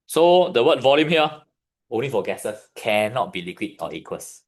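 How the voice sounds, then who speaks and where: A man's voice: mid-range voice, big pitch swings. A man with a Singaporean English accent, teaching a chemistry revision class and questioning his students as he goes. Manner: questions the class, pausing for answers. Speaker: chemistry tutor.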